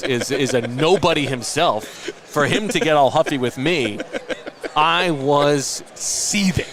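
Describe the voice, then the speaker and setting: A man in his late thirties hosting a podcast, telling long self-mocking stories in casual chat. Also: mid-range voice. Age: late 30s. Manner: rambling, self-mocking storyteller. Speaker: podcast host.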